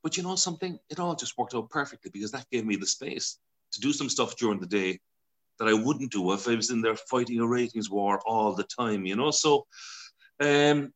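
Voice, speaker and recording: An Irish man in his sixties, a broadcaster telling stories as an interview guest, chatty and quick to laugh, acting out voices as he goes. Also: mid-range voice, a bit bright. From Ireland. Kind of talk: casual storytelling interview.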